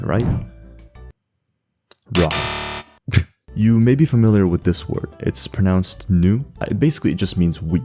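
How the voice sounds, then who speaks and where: A young man from Canada, his voice sitting low and a little mellow, hosts a comedic explainer voice-over for language learners. He jokes sarcastically and often laughs mid-sentence while faint music plays underneath.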